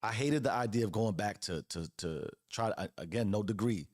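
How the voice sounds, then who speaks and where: A man in his forties hosts an earnest motivational monologue, preaching with casual slang and repeated phrases. His voice sits on the low side with a darkish tone, and he talks fairly quickly. The clean studio recording comes from a close podcast mic and has no room sound.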